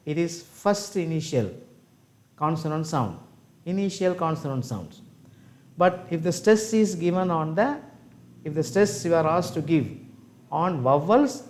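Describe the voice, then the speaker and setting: A male teacher, giving a pronunciation lesson and repeating each word slowly for his learners. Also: fairly high pitch, darkish tone. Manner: slow, repeats words for drill, addresses learners as "my dears". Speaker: English teacher.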